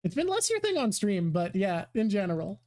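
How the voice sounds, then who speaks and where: A man's voice: sits high, wildly swooping pitch, a little fast, darkish tone. A man hosting a casual stream, explaining at length in a dry, wry way. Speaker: stream host.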